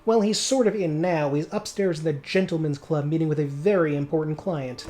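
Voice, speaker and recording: A man's voice: a little high, fairly quick, mellow, slight background noise, natural voice. A man voicing a polite, prim female secretary who guards a club's door. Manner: polite, crisp, gatekeeping.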